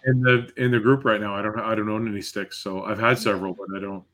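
A man's voice: lowish voice, level tone, fast, fairly bright tone. A man chatting on a podcast, rambling with hesitant restarts that trail off. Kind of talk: casual chat.

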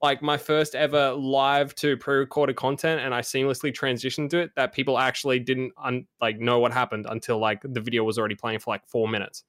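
A man's voice: mid-range voice, flat delivery, brisk, hardly any pauses, a bit bright, no echo, studio quality. A young man co-hosting a podcast, talking casually and rambling with lots of fillers and some swearing. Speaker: podcast co-host, streamer.

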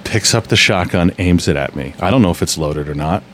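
A man's voice: low voice, brisk, fairly bright tone, a little hiss or hum. A man telling stories in a casual podcast chat, rambling and restarting often.

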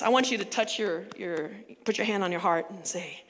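A woman pastor preaching a sermon in a church, animated and conversational with laughing asides. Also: mid-range voice, moderate pace, few pauses, long reverb tail, slight background noise.

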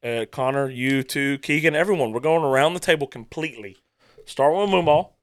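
Loud, laughing man hosting a podcast. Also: on the high side, a little fast, dry recording, clean studio sound. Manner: loud storyteller, laughs often, crude jokes. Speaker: podcast host. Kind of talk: rowdy casual podcast banter.

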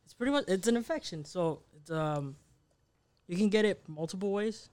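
A man, a co-creator of the podcast, explaining something casually and hesitantly, with pauses and "um"s. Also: high voice, expressive, a little mellow. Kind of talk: casual chat.

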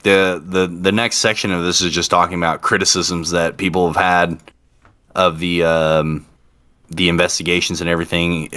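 A man in casual chat, reading halting notes aloud and repeating words as he goes. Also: sits low, fairly bright tone, no room sound. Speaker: podcast co-host.

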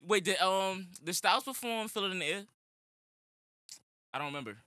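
A man, a podcast co-host in casual, animated, slangy banter. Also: sits high, normal speed, dry recording, clean studio sound. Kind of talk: casual chat.

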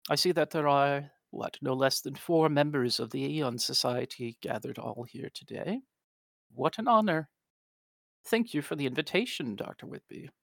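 A man voicing a mysterious young femme fatale who is gracious, smooth and politely probing in a tabletop game. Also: mid-range voice, expressive, normal speed, fairly bright tone, no room sound.

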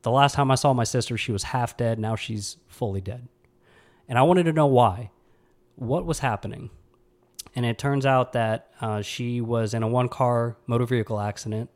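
Male podcast host, 30s, from Mississippi; somber, halting personal storytelling. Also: medium pitch. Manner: somber, halting, with frequent restarts.

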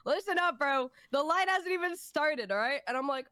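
Animated young woman telling a rant. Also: moderate pace, no echo, studio quality. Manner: animated storyteller, swears, acts out quotes in high voices. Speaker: podcast co-host. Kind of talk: casual podcast chat.

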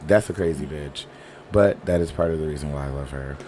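A man with a remarkably deep, dark, mellow voice and a morning rasp he hasn't warmed out of. He co-hosts a casual chat, sassy, gossipy and quick to joke. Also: a little hiss or hum. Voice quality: raspy. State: early-morning unwarmed voice. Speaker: podcast co-host.

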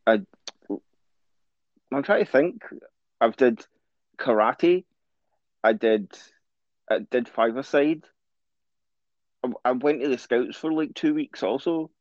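A man's voice: medium pitch, takes it slowly, long pauses, no room sound. Scottish male co-host, rambling sweary banter, dull dry close-mic sound. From Scotland. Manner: rambling, stumbles and restarts, laughs a lot. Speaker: podcast co-host. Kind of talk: casual sweary chat.

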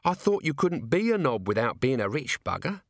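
A man's voice: medium pitch, big pitch swings, moderate pace, no room sound, clean studio sound, pitched above the performer's own voice. A man voicing a scruffy, gloomy male corporal who moans about his troubles, in an audiobook. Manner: moaning, despondent. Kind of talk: audiobook character voice.

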